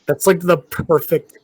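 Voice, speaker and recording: A man's voice: high voice, slightly rough, no room sound, poor audio. A young man hosting a casual podcast, laughing as he reads out funny comments. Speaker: podcast host. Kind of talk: casual chat, reading comments aloud.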